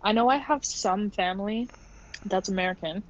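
A young woman from Canada chatting casually with friends. She laughs often and says "like" in nearly every sentence, at a middle pitch. Her voice comes through a dull, lo-fi recording. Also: normal speed. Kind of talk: casual chat. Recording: dull lo-fi sound.

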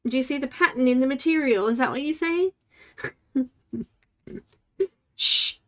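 A woman in her forties chats her way through a live coloring session at an unhurried pace. Her voice sits a little high. She talks to herself as she works and greets viewers by name. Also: fairly bright tone. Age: 40s. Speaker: livestream host. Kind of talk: casual chat while coloring.

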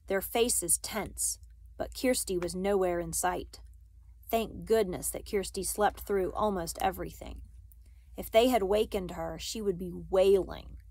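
A woman's voice: mid-range voice, a little mellow, dry recording. Woman reading a novel aloud. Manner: careful, with small slips and self-corrections. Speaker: reader.

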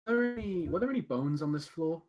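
A man in a tabletop game session describes his character's moves step by step. His talk is careful and deliberate, full of hesitations. A faint hiss of noise sits under his mic. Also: fairly high pitch, expressive, highs cut off. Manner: lots of fillers, careful and deliberate. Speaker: player.

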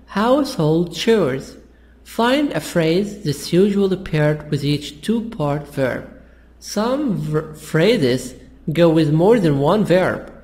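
Guy teaching english, kinda high voice, slow, keeps repeating stuff. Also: darkish tone. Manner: slow, repetitive explaining with simple phrasing. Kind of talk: classroom language lesson.

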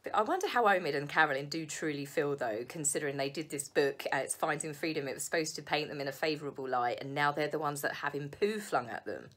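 A woman's voice: low-pitched, fast, hardly any pauses, fairly bright tone. A woman giving chatty, opinionated solo commentary, sarcastic and scornful, with frequent ums. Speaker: royal gossip commentator.

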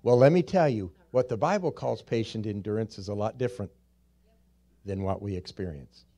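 A man preaching a church sermon, slowly drawing out key words, rising to loud emphatic peaks and dropping to quiet, low stresses. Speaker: pastor. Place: church sanctuary.

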